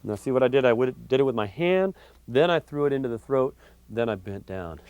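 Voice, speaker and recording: A man giving a relaxed, conversational harmonica lesson, explaining technique step by step with frequent fillers. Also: medium pitch, a little fast, dull audio, faint music behind. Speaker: harmonica teacher. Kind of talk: instructional video lesson.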